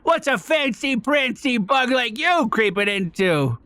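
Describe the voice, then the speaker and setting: A man voicing a cheeky male bug thief who trades stolen goods, teasing and gruff. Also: very high voice, big pitch swings, measured pace, sharp tone, no room sound, voice pushed up, exaggerated voice. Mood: sly.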